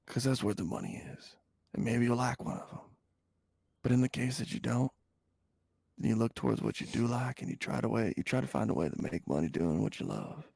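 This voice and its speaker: A man's voice: mid-range voice, a little fast, vocal fry, darkish tone, slightly rough, no echo. A young man co-hosting a podcast, playful and riffing on running jokes in casual chat. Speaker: podcast co-host.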